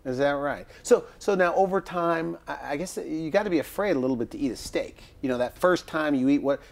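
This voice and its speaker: A man hosting an interview show, prompting his guest with quick questions. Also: fairly high pitch, vocal fry. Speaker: talk show host. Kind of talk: interview conversation.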